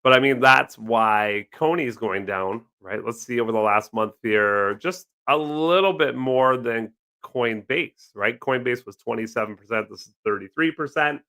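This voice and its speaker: A man's voice: mid-range voice, unhurried, few pauses, bright, forceful tone. A man hosting a casual live stream from his desk at home, rambling and joking as he reads and answers the chat. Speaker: livestream host. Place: home desk with several monitors.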